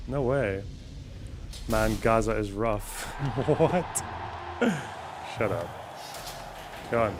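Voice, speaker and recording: A young man streaming a game live, reacting with constant swearing and panicky running remarks. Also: medium pitch. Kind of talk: live gameplay commentary.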